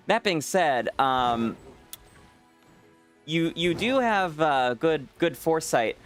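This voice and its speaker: Laughing, teasing male streamer, lively pitch. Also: takes it slowly, pauses often, soft background music. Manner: teasing, laughs often, swears freely. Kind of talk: casual live-stream chat with viewers.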